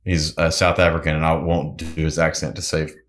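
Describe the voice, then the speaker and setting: Male guest, low bass voice, loose rambling storyteller, laughs a lot. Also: little pitch movement, fairly quick, fairly bright tone, a little hiss or hum. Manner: rambling, restarts, laughs often. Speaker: musician and pilot guest. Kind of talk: casual storytelling interview.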